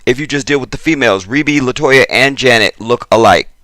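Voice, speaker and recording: A man giving a casual commentary to his viewers, exasperated and chatty, jumping between loud emphasis and muttered asides. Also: medium pitch, fairly quick, no echo. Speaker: YouTube commentator.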